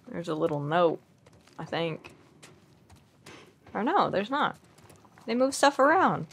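A woman's voice: fairly low pitch, sing-song, slow pace, pauses often, a little hiss or hum. A young woman giving casual, chatty let's-play commentary, giggling and poking fun at herself. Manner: chatty, giggly and self-deprecating. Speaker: gaming streamer.

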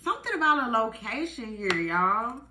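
A woman giving a casual tarot reading to viewers, chatty and animated, full of fillers. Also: a little high, normal speed, reverberant, background noise. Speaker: tarot reader.

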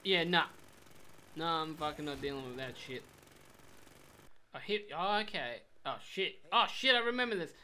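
A young man giving rambling, swear-heavy commentary on a game, with sudden loud outbursts. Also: fairly high pitch, animated, normal speed, pauses often, slight background noise. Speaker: gameplay commentator. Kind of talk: casual let's play commentary.

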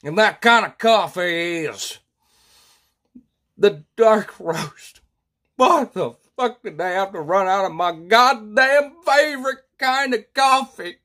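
A man's voice: medium pitch, expressive, takes it slowly, long pauses, breathy edge, heavily acted. A man playing an angry, foul-mouthed male coffee lover who rants and curses. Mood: ranting. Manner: profane, ranting, increasingly loud.

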